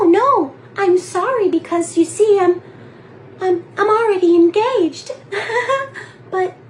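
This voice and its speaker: A woman's voice: extremely high pitch, slight background noise, voice pushed up, rough recording. A woman voicing a smug young engaged woman who sounds mock-apologetic and gloating in a comedic reenactment. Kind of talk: comedic one-person movie reenactment.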